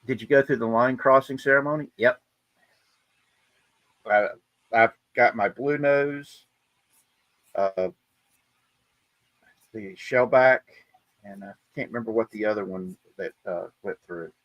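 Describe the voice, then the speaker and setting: A man with a fairly low voice hosts a podcast, chatting casually and telling stories full of swearing and laughter. He speaks unhurriedly and pauses often, and the recording is dry with dull audio.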